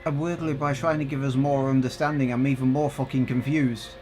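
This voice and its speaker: A man's voice: medium pitch, flat delivery, a little fast, a little mellow, soft background music. A man doing casual, exasperated game commentary with plenty of swearing. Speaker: gaming YouTuber.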